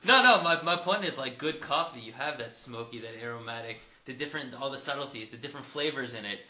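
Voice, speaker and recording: Very bright-voiced man in an echoey room. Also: medium pitch, fast. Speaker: podcast guest, coffee enthusiast. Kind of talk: casual chat. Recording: roomy echo.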